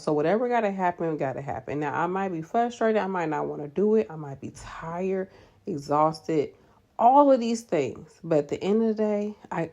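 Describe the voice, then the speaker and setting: A woman in her thirties giving nurse vlog advice with an animated, preachy, encouraging delivery. Her voice sits on the low side and sounds mellow, and its pitch swings widely as she makes her points. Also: highs cut off.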